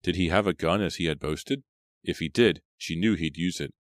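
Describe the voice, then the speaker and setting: Very deep-voiced male audiobook narrator. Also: normal speed, no room sound, studio quality. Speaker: audiobook reader. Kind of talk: scripted horror audiobook narration.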